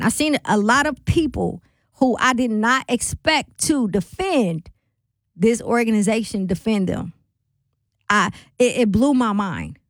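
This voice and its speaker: A woman's voice: on the high side, dry recording. A woman hosting a radio talk show, chatting casually with laughing asides and rallying calls to her listeners. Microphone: studio microphone.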